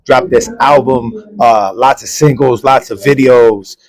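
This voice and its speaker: A man's voice: medium pitch, a little slow. A man who raps and produces, answering interview questions backstage at a live show in a laid-back, slangy way. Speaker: rapper and producer.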